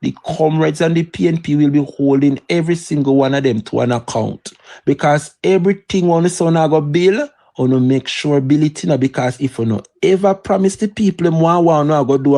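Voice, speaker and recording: A man's voice: on the high side, darkish tone. A man with a Jamaican accent giving fiery political commentary on a live stream, slipping between patois and standard English. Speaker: political livestreamer.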